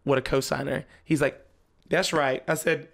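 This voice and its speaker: Gravelly young man telling a lively story. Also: mid-range voice, normal speed. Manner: animated, laughs often, slips into the voices of family members. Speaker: podcast guest. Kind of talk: casual storytelling chat.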